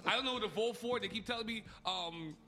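A man hosting a campus radio show in casual chat, laughing often and jumping into high squeals. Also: fast talker.

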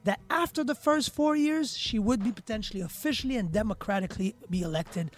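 This male podcast host talks a little fast, his voice sitting high with lively intonation. He delivers opinionated commentary in a casual setting, passionately and emphatically, repeating words for stress.

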